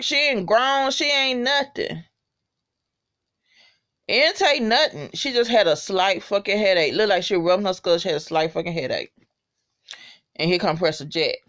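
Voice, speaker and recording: A woman casually recapping a TV episode, swearing freely and reacting with loud disgust. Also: medium pitch. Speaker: TV recap vlogger.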